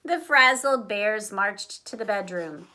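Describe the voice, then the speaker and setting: Bright, lively woman reading a story. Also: medium pitch, takes it slowly. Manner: expressive, animated. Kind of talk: children's story read-aloud.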